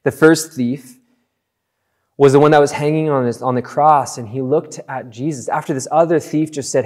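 A man preaching a sermon in an earnest, conversational way, slowing down for emphatic phrases. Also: medium pitch, steady tone, a little mellow. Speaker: pastor.

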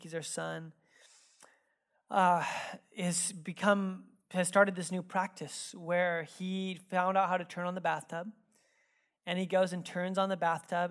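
Preaching in a relaxed, candid way, this woman pastor tells stories full of asides and fillers. Her voice sits on the low side and shifts from lively emphasis to hushed, quiet reflection.

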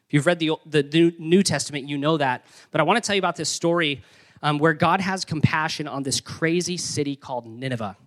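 A young man preaching a sermon in an energetic, conversational way with playful emphasis. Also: fairly high pitch, fairly quick. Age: young adult. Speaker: pastor.

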